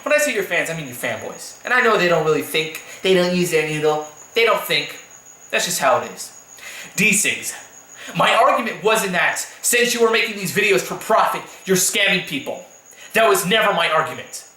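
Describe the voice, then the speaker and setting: Guy going off on a profane rant, bright tense voice bouncing all over the place. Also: high voice, animated, moderate pace, roomy sound, low-quality recording. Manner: heated, profane, repetitive ranting. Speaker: YouTube commentator. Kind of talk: angry rant vlog.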